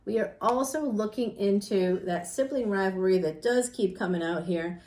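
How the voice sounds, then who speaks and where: A woman reading tarot cards in a relaxed, rambling chat. She laughs often and keeps turning to talk straight to her viewers. Her voice sits at a middle pitch, and the room rings with echo. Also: normal speed. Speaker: tarot reader.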